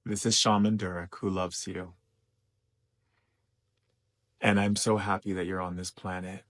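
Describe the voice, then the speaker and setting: A man hosting a spiritual livestream who talks gently and affectionately to viewers and reads their chat messages aloud. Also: sits low, flat delivery, measured pace. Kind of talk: live-stream talk to viewers, reading chat.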